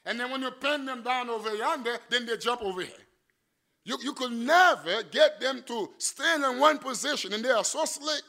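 A man preaching a sermon, swinging from loud emphatic lines to quiet storytelling. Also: very high-pitched, moderate pace. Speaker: missionary preacher.

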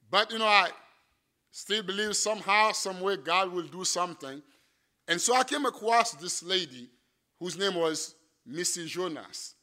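A man preaching a sermon, swinging from loud emphatic lines to quiet storytelling. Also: high-pitched. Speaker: missionary preacher.

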